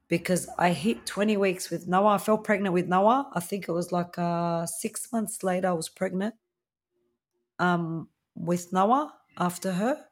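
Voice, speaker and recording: A woman in her thirties with an Australian accent, a podcast guest candidly telling her own story in a conversational way. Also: fairly low pitch. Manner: candid, conversational, with fillers and quoted dialogue. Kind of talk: personal storytelling interview.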